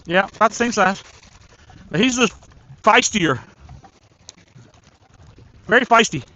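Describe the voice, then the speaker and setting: A man streaming a fishing tournament live from a riverbank, chatting excitedly and talking to the fish he reels in. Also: high-pitched, slow. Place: outdoors by a river.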